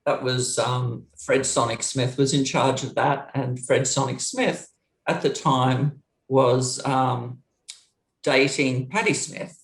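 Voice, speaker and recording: This former touring roadie, a middle-aged woman, speaks slowly in a reverberant space while recounting a story for an interview. She's lively, laughs as she goes, and voices the dialogue with dramatic pitch leaps.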